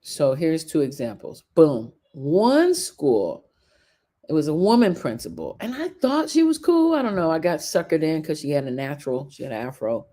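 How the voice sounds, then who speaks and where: A woman's voice: low voice, moderate pace. A woman in her thirties hosting a show, talking bluntly and with profanity in casual storytelling. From California. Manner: blunt, profane, animated storytelling with acted quotes. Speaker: show host. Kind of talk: casual opinion talk.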